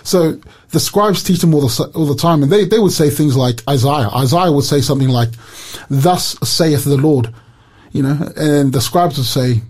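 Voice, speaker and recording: A man talks through a scripture passage on Christian radio. His voice is fairly high but mellow and husky. He talks in an earnest, animated way and gives quoted lines extra emphasis. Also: brisk. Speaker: radio Bible teacher. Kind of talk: Bible study chat on Christian radio.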